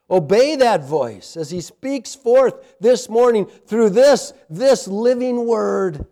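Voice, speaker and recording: A man preaching a sermon in a church sanctuary, with impassioned rises and a hushed closing prayer. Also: high-pitched. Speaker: pastor.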